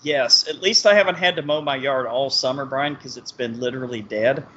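A man hosting a podcast, chatting casually with energetic, profane banter and frequent laughs. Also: mid-range voice, fairly quick, slight background noise. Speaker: podcast host. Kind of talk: casual chat. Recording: dull lo-fi sound.

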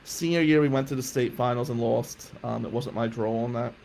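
A man telling a personal story in an emphatic, profane way, loudly acting out the people he quotes. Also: medium pitch, fairly even intonation, brisk, creaky, slight background noise, low-quality recording.

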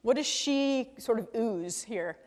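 A woman with a fairly high, expressive, darkish voice speaks slowly while leading a conversational Bible study. She thinks aloud as she teaches scripture, asking the group questions and often adding "right?", with long hall reverb on the recording.

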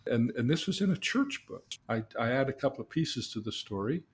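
A man hosting a podcast, telling a long story in an animated way, often repeating words as he starts a thought. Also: medium pitch, fairly quick. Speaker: host.

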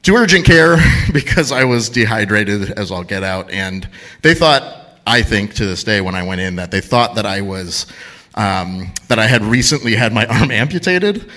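A man's voice: on the low side, sing-song, normal speed, sharp tone. A man telling a self-mocking story on stage at a live storytelling event, laughing at his own mishaps.

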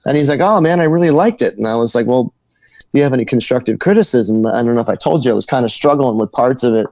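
There's vocal fry in the ordinary-pitched voice of this guitar teacher and musician, captured in a dry, close recording. He tells stories in a relaxed interview like a regular guy, halting, restarting sentences, repeating words, and laughing.

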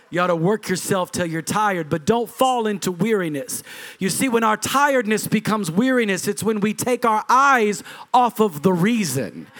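Middle-aged male pastor, high-pitched preaching voice, punchy repetition, big dynamic swings. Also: fairly bright tone. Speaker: lead pastor. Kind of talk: sermon.

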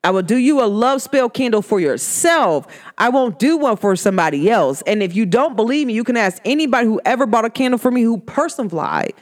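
A woman's voice: a little high, expressive, brisk, few pauses. A woman who reads energy and makes candles, talking bluntly and with animation in a casual podcast monologue. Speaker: spiritual reader and candle maker.

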